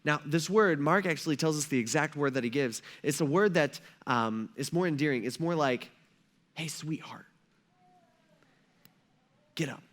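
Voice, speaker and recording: Man, pastor, high voice, relaxed slangy sermon, acts out quoted lines. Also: fairly quick, few pauses. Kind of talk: casual sermon. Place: church.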